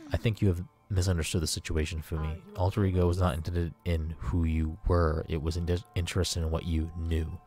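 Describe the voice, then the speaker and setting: A man reading the calm, measured lines of a cool young female detective character in a game. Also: low-pitched, lightly acted. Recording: faint game music behind.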